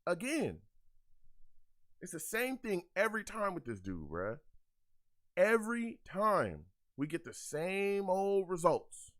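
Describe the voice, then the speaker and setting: His voice is high-pitched and fairly bright, with huge swings in pitch and a slow pace. A young man hosting a live game reaction show for fans, he rants in exasperation, repeats himself, and reads out comments from chat.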